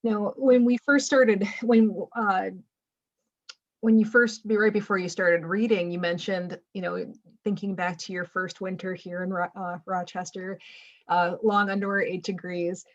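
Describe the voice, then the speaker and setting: A woman hosting a casual interview who often restarts her questions and fills pauses with "you know.". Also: mid-range voice, little pitch movement, dull audio. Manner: hesitant, restarts questions with fillers. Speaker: interviewer host.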